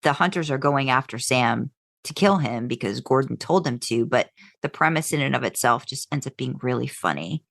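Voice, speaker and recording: A woman's voice: lively intonation, moderate pace, gravelly, fairly bright tone, no echo, clean studio sound. A woman co-hosting a podcast, talking in a chatty way with lots of fillers and restarts. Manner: jumps into high voices when quoting. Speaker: podcast co-host. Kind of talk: casual chat.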